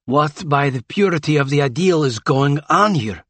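A man's voice: a little high, expressive, normal speed, vocal fry, breathy edge, dry recording, full character voice. A man voicing a proud, aristocratic alien prince and grandfather who talks in formal, old-fashioned phrases. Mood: indignant.

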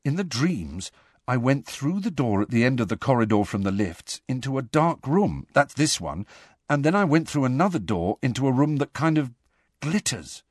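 A man voicing a forceful, hasty teenage boy wizard in an audiobook. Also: medium pitch, big pitch swings, normal speed, slightly rough, dry recording, studio quality, pitched above the performer's own voice. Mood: quiet.

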